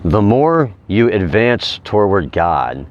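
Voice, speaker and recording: A man reading inspirational quotes aloud and commenting on them casually, repeating key phrases slowly for emphasis. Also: on the low side, very animated, muffled recording. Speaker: vlogger.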